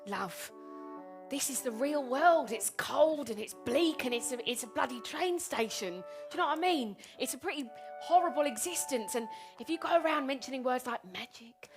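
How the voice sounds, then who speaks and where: A woman's voice: on the high side, animated, a little fast, hardly any pauses, over music. A woman voicing a talking rubbish bin with a Cockney accent that whispers conspiratorial warnings, in an improvised musical comedy.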